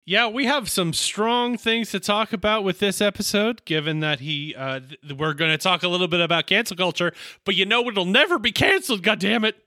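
A man's voice: high-pitched, brisk, hardly any pauses, sharp tone, no room sound. A man co-hosting a podcast in casual chat, playful and joking, telling stories with frequent restarts. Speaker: podcast co-host.

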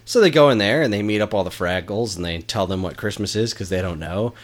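A man's voice: fairly low pitch, quick pace. A man in casual chat, recapping a film with enthusiasm. He laughs often and uses a lot of fillers and restarts.

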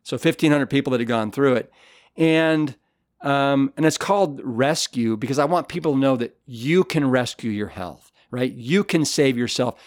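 A man's voice: mid-range voice, moderate pace, no echo. Earnest man telling stories, dry sound. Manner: earnest, enthusiastic, full of fillers and restarts. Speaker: author and guest. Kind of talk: conversational storytelling interview.

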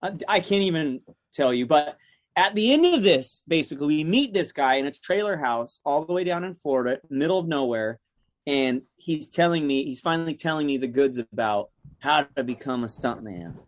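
A young man telling stories in a casual chat, animated, acting out the people he quotes. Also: fairly high pitch, normal speed, no echo, studio quality. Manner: animated, acts out quotes in other voices.

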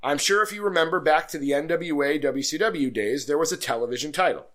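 A man's voice: fairly high pitch, quick pace, fairly bright tone. Joking man co-hosting a podcast. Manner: joking, reads listener emails aloud. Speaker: podcast co-host. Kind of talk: casual chat.

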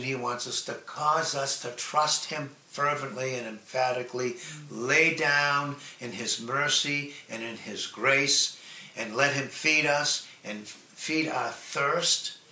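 A man preaching a sermon in a slow, earnest way, drawing out key phrases and letting line endings fall soft. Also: mid-range voice. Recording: echoey room with faint ambient noise.

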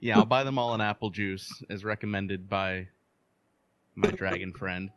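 A man playing a character in a tabletop role-playing game, talking in a relaxed, playful way. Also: deep voice, normal speed, slight background noise. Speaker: player. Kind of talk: casual tabletop play.

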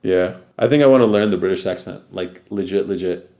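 A man's voice: deep voice, brisk, warm tone. A man hosting a podcast in casual chat, laughing often and swearing casually. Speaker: podcast host.

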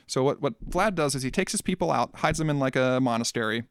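A man's voice: mid-range voice, animated, fast talker, smooth, no echo, studio quality. A man co-hosting a podcast, casually retelling a film plot in a loose, profane way, full of fillers and restarts. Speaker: podcast co-host.

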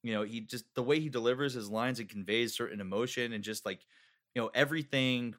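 A man hosts a podcast in loose, casual conversation. His voice sits at an ordinary middle pitch. He rambles and keeps reaching for filler words while he works out his points. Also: fast talker, fairly bright tone. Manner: rambling, heavy on fillers like "you know". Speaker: podcast host. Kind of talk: casual chat.

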